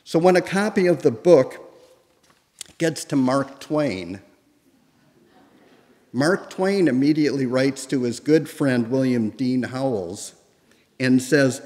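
A man's voice: medium pitch, takes it slowly, pauses often, darkish tone. A man giving a public history lecture, telling the story conversationally with occasional fillers. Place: lecture room. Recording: long reverb of a lecture room.

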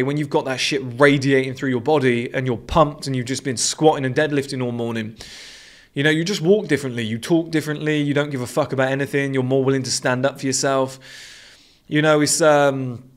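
A man's voice: medium pitch, fairly even intonation, fairly quick. A young British man in a blunt, aggressive casual monologue, swearing freely as host.

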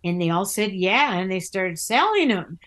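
A woman's voice: medium pitch, big pitch swings, moderate pace. An older woman, a theatre actor and author, chatting in an interview and telling stories with many restarts. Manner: chatty storyteller with many restarts, acting out other voices. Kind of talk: casual interview chat.

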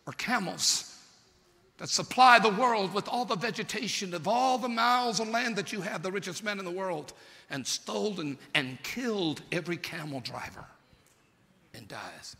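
A man preaching a sermon, retelling a story theatrically, swinging between shouted peaks and hushed lows. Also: animated, moderate pace. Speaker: pastor. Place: large church sanctuary. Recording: long hall reverb from a church service.

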